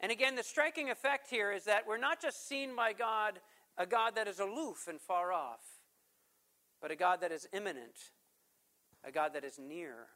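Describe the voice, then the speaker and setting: A man preaching a sermon in an earnest manner, rising for emphasis and dropping to a hushed tone. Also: high-pitched, normal speed. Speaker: pastor.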